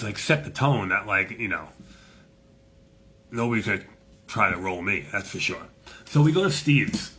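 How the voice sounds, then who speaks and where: A man's voice: lowish voice, animated, normal speed, pauses often, bright, forceful tone. A man hosting a casual chat, telling a story in a profane, swaggering way and acting out the people in it. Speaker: host.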